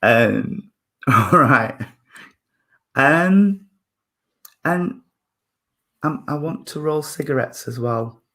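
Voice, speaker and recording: Male medium at a service, mid-pitched voice, gentle, halting, apologetic, lots of ums. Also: expressive. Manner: hesitant, full of fillers and restarts, apologetic, chuckling. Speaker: spiritualist medium. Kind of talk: mediumship demonstration at a church service.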